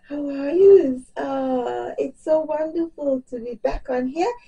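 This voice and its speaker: A middle-aged woman vlogging in a casual chat, her high voice soft and mellow. She laughs a lot and often sounds close to tears, her voice cracking. She sits a little back from the mic. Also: takes it slowly, creaky, distant mic, muffled recording.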